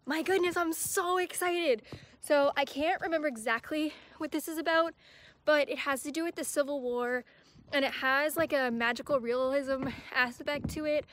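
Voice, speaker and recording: A woman chatting in a casual book vlog, gushing over a book she has just received and talking with breathless excitement. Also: sits high, normal speed, a little hiss or hum. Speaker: book vlogger.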